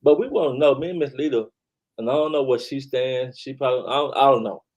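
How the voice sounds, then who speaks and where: A man's voice: mid-range voice, fast, darkish tone, muffled recording. A man hosting a casual live-stream talk show, laid-back and repeating "man" and "y'all" as he reads out the chat.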